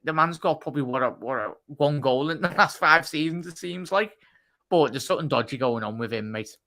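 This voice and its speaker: Bright, blunt football fan man. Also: on the high side, fairly quick. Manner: blunt, opinionated, says mate a lot. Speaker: guest on football predictions show. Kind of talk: casual football chat.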